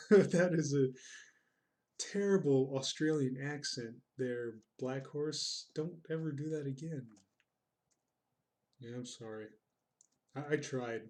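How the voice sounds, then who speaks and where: A man's voice: medium pitch, slow, pauses often, darkish tone. A man streaming his drawing, chatting casually, reading out chat comments in a rambling, self-deprecating, goofy way.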